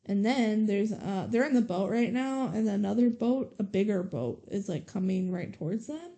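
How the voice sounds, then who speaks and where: A woman's voice: medium pitch, animated, normal speed, mellow. A woman co-hosting a podcast, casually recapping a movie scene by scene in a chatty, storytelling way. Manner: chatty, storytelling, heavy use of "like". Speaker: podcast co-host.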